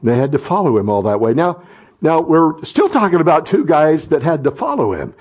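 A middle-aged man preaching a sermon as pastor, talking conversationally and then rising to loud impassioned cries. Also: fairly high pitch, very animated, normal speed, husky.

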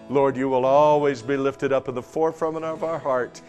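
A man preaching a sermon and leading prayer, dropping to a hush and then rising loud to coax the congregation. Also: medium pitch, fairly even intonation, normal speed, hardly any pauses, soft background music. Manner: swings from hushed to loud, coaxing the congregation. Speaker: pastor. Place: church service in front of a congregation.

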